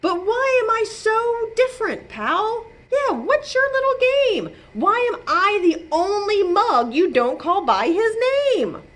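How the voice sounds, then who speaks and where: A woman's voice: very high voice, big pitch swings, slow pace, hardly any pauses, a bit bright, pitched above the performer's own voice, exaggerated voice. A woman voicing a grumpy, fed-up male koala who complains indignantly in a storybook read-aloud.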